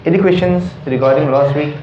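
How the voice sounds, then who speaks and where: A man's voice: fairly high pitch, a little fast, echoey room, lo-fi sound, slight background noise. A man teaching a Quran recitation class, patiently coaching pronunciation and explaining rules between chanted verses. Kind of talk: recitation class with call and response.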